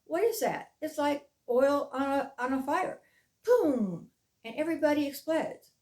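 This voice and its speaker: Middle-aged lady coach giving a pep talk, kinda high voice, slows way down to hit the big points. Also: a little mellow. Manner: earnest, emphatic, with slow deliberate stresses. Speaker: mindfulness coach. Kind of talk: motivational talk to camera.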